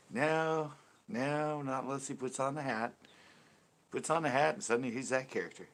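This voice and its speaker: A man's voice: mid-range voice, normal speed, a bit bright. A man hosting a fishing channel livestream, chatting casually with viewers in a rambling, laid-back way and laughing easily.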